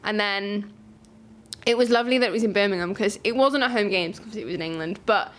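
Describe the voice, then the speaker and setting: A woman's voice: mid-range voice, a little fast. A young woman from Wales, a para table tennis player chatting as an interview guest, telling stories with quoted asides. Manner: chatty, animated storytelling with acted-out quotes. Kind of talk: casual interview chat.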